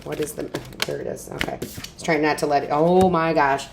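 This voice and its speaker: Brief: low-voiced woman, chatty and reassuring tarot reader, keeps asking "right?". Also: steady tone, moderate pace, gravelly, noisy background. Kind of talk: casual tarot reading to camera.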